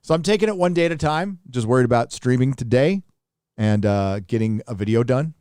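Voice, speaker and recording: A man's voice: mid-range voice, animated, brisk, darkish tone, clear, resonant tone, no room sound, clean studio sound. A middle-aged man from Southern California hosting a casual livestream, reading viewer donations aloud in a rambling, laid-back way with lots of fillers.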